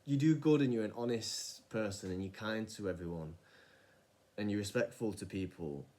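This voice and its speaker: A man's voice: fairly low pitch, moderate pace. Rambling man telling a story. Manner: rambling, animated retelling with frequent restarts and casual swearing. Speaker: vlogger. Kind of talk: casual storytelling monologue.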